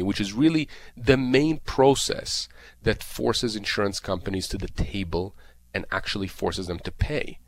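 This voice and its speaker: A man explaining disability insurance claims on a call-in show, emphatic and repetitive, with many fillers. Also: fairly low pitch. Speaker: disability lawyer guest expert. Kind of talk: radio call-in advice.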